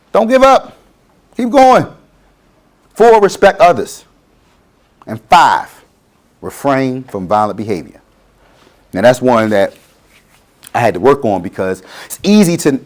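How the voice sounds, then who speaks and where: A man's voice: medium pitch, expressive, measured pace, long pauses. A middle-aged man, giving a motivational talk to students and acting out quotes in changing voices. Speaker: guest speaker.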